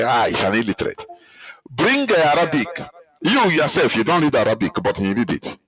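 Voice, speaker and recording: A man with a Nigerian accent giving heated political commentary, emphatic and repetitive, his pitch climbing as he presses his points. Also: a bit bright, poor audio. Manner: angry, emphatic, repeats himself, rises in pitch. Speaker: commentator reacting to a clip.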